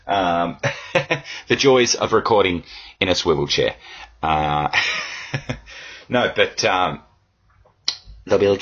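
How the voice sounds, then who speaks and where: Sweary rambling man, bright husky voice. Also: sits low, lively intonation, a little slow, pauses often, lo-fi sound. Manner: rambling, sweary, self-mocking. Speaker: podcast host. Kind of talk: casual solo podcast chat. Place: home room in a swivel chair.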